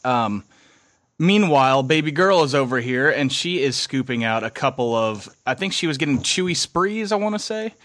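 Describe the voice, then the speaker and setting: A young man tells a rambling story in a mid-pitched voice, swearing freely and acting out every quoted line. The sound is dry and close-miked, with no room around it. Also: normal speed, dry recording. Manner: animated, swears, acts out quotes. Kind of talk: casual storytelling.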